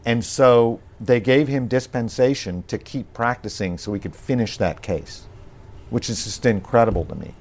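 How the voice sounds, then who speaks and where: A man being interviewed on a podcast, talking in a thoughtful, measured way with frequent pauses and restarts. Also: medium pitch.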